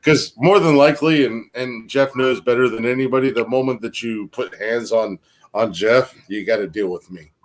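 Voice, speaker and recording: A man's voice: mid-range voice, normal speed, a crowd in the background, rough recording. A man co-hosting a podcast, rambling and boasting with crude language. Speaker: podcast co-host. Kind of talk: casual crude banter.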